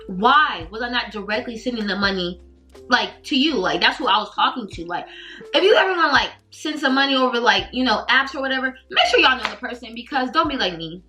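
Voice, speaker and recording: Bright, animated young woman vlogger. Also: a little high, fairly quick, soft background music, low-quality recording. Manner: animated, slangy, heavy use of "like". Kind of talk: casual storytime. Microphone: camera mic.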